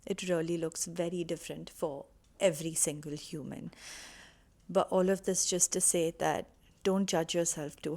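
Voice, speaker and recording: A woman's voice: fairly low pitch, a little mellow. A woman talking to camera, earnest and reassuring as she shares personal advice. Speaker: vlogger sharing personal healing advice. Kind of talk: casual heartfelt talk to camera.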